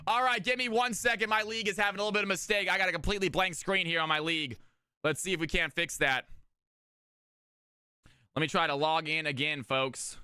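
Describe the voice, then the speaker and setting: A man casting viewer games live on his stream in an energetic, hyped-up way, recorded at home on a close desk mic. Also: high voice, brisk, clear, resonant tone, no room sound. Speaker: streamer and caster.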